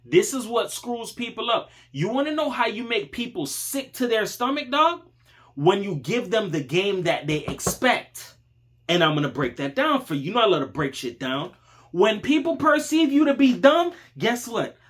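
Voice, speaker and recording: A man's voice: sits high, very animated, moderate pace, a bit bright. A man hosting his channel, giving a casual motivational talk in slangy street speech, calling the listener dog and bro. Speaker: channel host.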